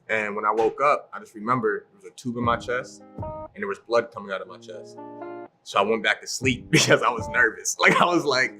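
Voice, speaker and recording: A man's voice: medium pitch, brisk, faint music behind. A man as a podcast guest telling a story in a casual way, acting out what others said and laughing often. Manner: animated, acts out the voices of people in his story.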